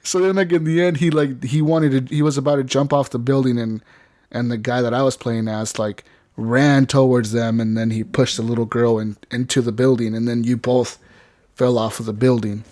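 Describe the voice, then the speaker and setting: A podcast co-host rambles through a long story in a casual gaming chat, full of fillers, laughter and acted-out game lines. His medium-pitched, darkish voice holds a steady tone at a moderate pace. The studio-quality recording has no echo.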